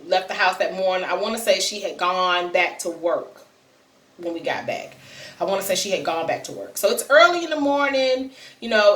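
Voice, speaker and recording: A woman's voice: medium pitch, a bit bright. Woman vlogger telling a story casually, talks right to viewers, kinda far from the mic, echoey room. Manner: chatty, addresses viewers directly, many fillers. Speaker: vlogger sharing a personal story. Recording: roomy sound, distant from mic.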